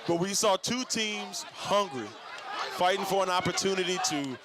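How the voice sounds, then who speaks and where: A male play-by-play announcer calling a football game live, shouting with excitement, winded and casual. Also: high voice, moderate pace. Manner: excited shouting calls, folksy "y'all". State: out of breath. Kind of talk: live sports commentary. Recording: noisy outdoor stadium broadcast. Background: crowd and stadium noise.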